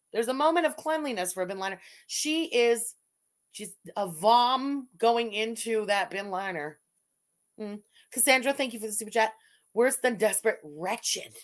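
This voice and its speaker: Canadian woman streamer, kinda high voice, snarky and sweary, reads chat and laughs a lot. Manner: sarcastic, profane, laughs often. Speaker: streamer host. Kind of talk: casual livestream commentary.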